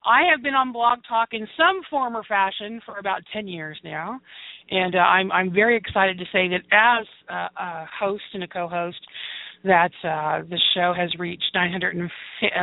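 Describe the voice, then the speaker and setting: A bubbly, flirty woman hosts a casual chat over a tinny, dry phone line. Her voice has a gravelly edge at the bottom. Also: lowish voice, dry recording. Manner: bubbly and flirty, laughs often. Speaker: podcast host.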